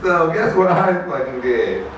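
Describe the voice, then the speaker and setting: A man's voice: a little high, big pitch swings, unhurried, a little hiss or hum. A man doing rambling stand-up at an open mic, laughing at his own lines and swearing a lot. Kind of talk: stand-up storytelling. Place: small open mic venue. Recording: echoey room, heard from a distance.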